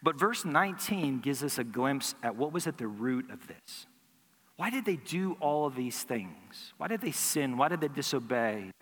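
A man's voice: medium pitch, animated, moderate pace, a bit bright, breathy edge. A man preaching a sermon as pastor, earnest and building emphasis through repeated phrases. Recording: hall reverb.

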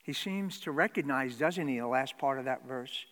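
A man preaching a sermon as pastor, swinging between loud emphatic lines and hushed near-whispers. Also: medium pitch, moderate pace, long reverb tail.

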